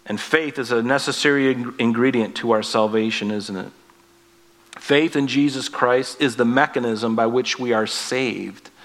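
A man's voice: medium pitch, steady tone, normal speed, fairly bright tone. Man preaching in an earnest, conversational way. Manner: asks the listeners rhetorical questions. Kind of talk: sermon.

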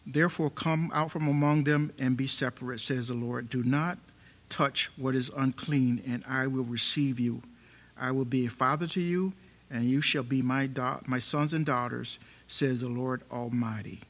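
A man's voice: medium pitch, fairly even intonation, moderate pace, a bit bright. A man preaching a sermon, emphatic and fond of repeating rhetorical questions.

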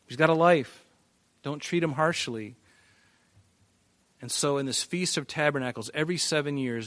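A man's voice: medium pitch, no echo. A man preaching a verse-by-verse Bible teaching, emphatic and repeating words as he drives a point home. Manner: emphatic, repeats words, varies loudness for stress. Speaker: pastor.

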